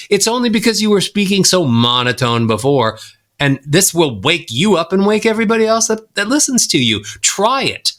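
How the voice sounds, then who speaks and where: Animated man swooping his pitch. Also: brisk. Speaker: voice coach guest. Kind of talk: podcast interview, demonstrating tips.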